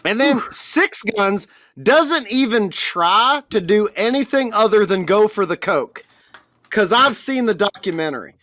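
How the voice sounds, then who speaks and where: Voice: mid-range voice, expressive, measured pace, fairly bright tone. A game master narrating a tabletop game, laughing often and telling it with crude, playful humor.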